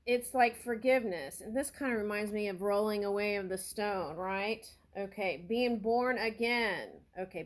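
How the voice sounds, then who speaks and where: A woman gives a spiritual tarot reading in an unhurried, earnest way. She thinks aloud, pausing and circling back, and lets her emotions come through as she speaks. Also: mid-range voice. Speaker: tarot reader.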